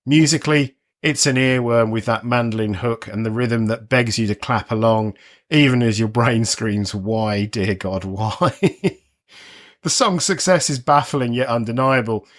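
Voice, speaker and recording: Guy in his 40s reading his music podcast script, dry sarcastic asides, middle pitch. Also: normal speed, a bit bright. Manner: wry, conversational commentary with a sardonic edge. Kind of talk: scripted narration.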